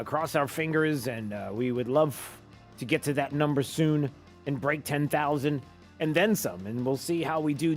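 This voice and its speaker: A man hosting a talk radio show, talking in a sarcastic, animated way. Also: medium pitch.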